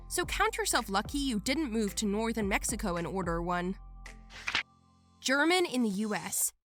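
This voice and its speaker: A woman narrating Reddit posts as a lively scripted storytelling read. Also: a little high.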